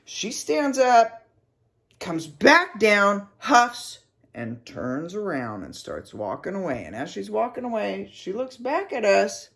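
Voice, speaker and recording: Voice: mid-range voice, wildly swooping pitch, takes it slowly, vocal fry, a bit bright. A vlogger telling a story casually and with animation, acting out sound effects and often checking in with "okay?".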